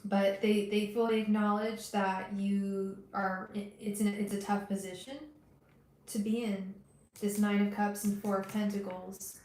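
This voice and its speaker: A woman hosting a live tarot reading, talking gently and directly to her viewers with frequent restarts. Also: medium pitch, flat delivery, measured pace, reverberant, poor audio. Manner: gentle, soothing, talks straight to viewers; emotional, hesitant restarts. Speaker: tarot reader livestream host. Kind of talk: casual livestream reading.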